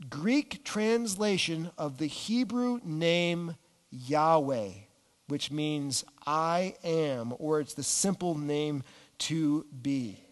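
A man preaching a sermon, animated, dropping his voice low and slowing down on key words. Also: in a large hall. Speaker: pastor.

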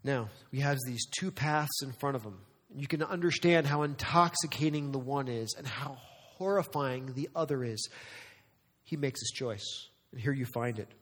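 A male pastor preaching a dramatic, emphatic sermon full of rhetorical questions, slowing down for weighty lines and speeding up for asides. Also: mid-range voice, a bit bright, long reverb tail. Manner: swings between slow weighty phrasing and quick asides.

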